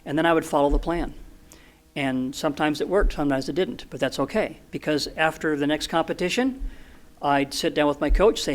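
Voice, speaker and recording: A man in his sixties, a podcast guest, telling stories in an earnest, animated way with frequent restarts. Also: on the high side, brisk. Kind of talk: storytelling in an interview.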